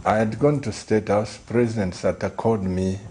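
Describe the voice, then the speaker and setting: A middle-aged man, a pastor, telling a story in earnest on a talk show, slow and pleading, repeating phrases for emphasis. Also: on the low side, steady tone, warm tone.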